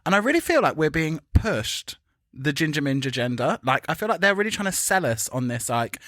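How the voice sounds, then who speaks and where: A man's voice: very animated, fairly quick, a bit bright, no echo, clean studio sound. A man co-hosting a podcast, chatting casually in a camp, sarcastic way. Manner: camp, sarcastic, big swoops in pitch. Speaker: podcast co-host. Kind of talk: casual chat.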